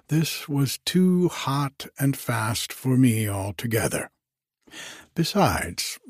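A man reading a novel aloud as narrator, in a measured, expressive storytelling manner. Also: mid-range voice, husky, no room sound, clean studio sound.

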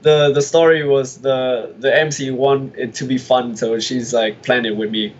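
A man telling a story haltingly at a middle pitch. Faint background ambience sits behind his voice. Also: steady tone, lo-fi sound, slight background noise. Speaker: beatboxer interviewee. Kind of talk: casual storytelling.

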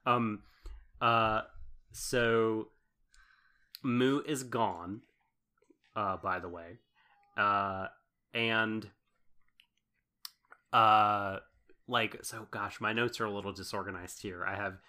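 Bright-voiced man recapping an episode. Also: on the low side, steady tone, extremely slow, pauses often. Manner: laughs often, rambles with fillers. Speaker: podcast co-host. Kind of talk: casual podcast recap.

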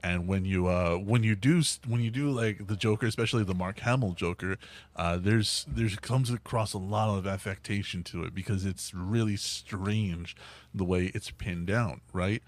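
Low-voiced man chatting eagerly. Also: normal speed. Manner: enthusiastic, repeats words, many fillers. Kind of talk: casual chat.

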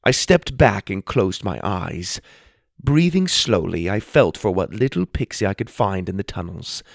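A man narrating a children's fantasy story in the first person, expressive storybook narration. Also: deep voice, a little slow, gravelly, dry recording, clean studio sound. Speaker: audiobook narrator.

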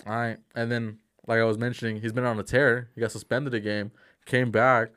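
A man's voice: mid-range voice, fairly quick, no room sound, clean studio sound. A young man in casual chat, ranting with slang and swearing. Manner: profane, animated ranting with slang.

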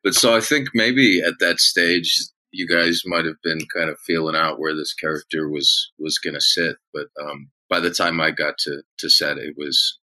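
A man's voice: extremely low pitch, normal speed, few pauses, bright, forceful tone, rough recording. A male actor guest on a podcast, chatting casually and telling rambling anecdotes.

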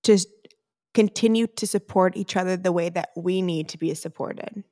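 A woman's voice: fairly low pitch, normal speed, mellow, no echo, clean studio sound. A young woman co-hosting a casual family podcast, chatting in an easygoing way. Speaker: podcast co-host, daughter.

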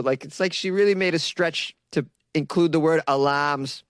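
A man's voice: fairly high pitch, normal speed, hardly any pauses, fairly bright tone, no echo. A young man from Massachusetts with a Massachusetts accent, riffing sarcastically on an odd news story and laughing at his own jokes. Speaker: comedic news commentator.

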